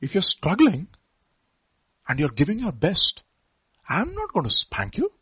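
A man's voice: high-pitched, wildly swooping pitch, unhurried, pushed and bright, slightly rough, dry recording, rough recording. A man with an Indian English accent preaching a sermon as a pastor, emphatic and full of rhetorical questions.

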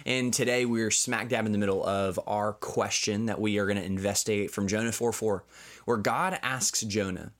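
A man's voice: lowish voice, steady tone, normal speed, a bit bright. A man giving a short devotional Bible teaching as a pastor, earnestly reading scripture aloud, explaining it and closing in prayer. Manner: ends in spoken prayer.

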